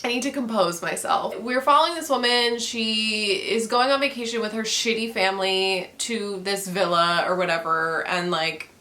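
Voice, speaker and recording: A woman's voice: medium pitch, moderate pace, hardly any pauses, sharp tone. A young woman in a casual book review chat, ranting with frequent swearing and laughter. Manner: profane, ranting, laughs often.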